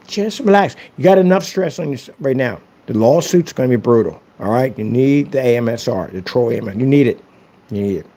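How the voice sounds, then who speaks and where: A man's voice: medium pitch, expressive, brisk, hardly any pauses, dark tone. A young man in a casual, boastful monologue, taunting his critics. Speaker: vlogger. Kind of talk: casual trash-talk monologue.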